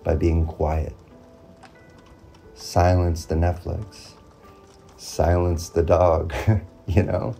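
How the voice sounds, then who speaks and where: A man giving an earnest motivational monologue, repeating phrases and pausing often. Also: sits low, level tone, vocal fry, dark tone, faint music behind. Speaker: motivational vlogger.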